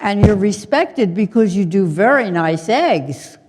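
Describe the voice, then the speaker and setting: A woman's voice: mid-range voice, lively intonation, unhurried, darkish tone, breathy edge. Woman puppeteer in a reverberant hall. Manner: chatty, explaining, scolding a puppet in fun. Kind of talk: live puppet show narration.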